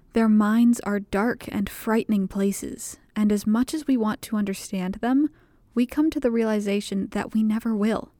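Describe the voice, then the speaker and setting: Warm woman narrating audiobooks. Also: medium pitch, no room sound, studio quality.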